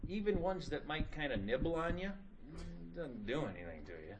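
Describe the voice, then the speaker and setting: A man's voice: a little high, very animated, normal speed, background noise. A middle-aged man teaching a class, lecturing casually and telling stories with jokes. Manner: casual, joking storyteller.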